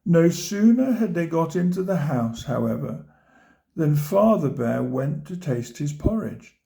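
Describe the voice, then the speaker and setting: A man reading a children's storybook aloud, gently pointing out the pictures to his listeners. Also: medium pitch, gravelly. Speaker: storybook reader.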